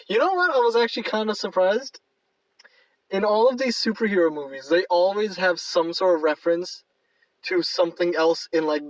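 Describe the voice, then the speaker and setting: A man's voice: sits high, no room sound, recorded from a distance, poor audio. A man co-hosting a podcast, chatting casually about movies in a rambling way with many fillers. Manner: rambling, lots of fillers and laughs. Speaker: podcast co-host. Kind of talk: casual movie review chat.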